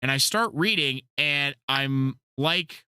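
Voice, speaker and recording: A man's voice: medium pitch, takes it slowly, sharp tone, clean tone, no echo. A man hosting a casual podcast, telling rambling stories and swearing freely. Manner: profane, rambling storyteller. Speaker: podcast host.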